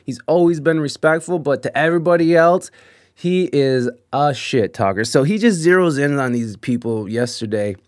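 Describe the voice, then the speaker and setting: A man tells rambling, profane stories about the people he deals with at work, often breaking into laughter. His voice sits fairly high for a man. The sound is dry and close, with no room echo. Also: expressive, moderate pace. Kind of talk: casual storytelling.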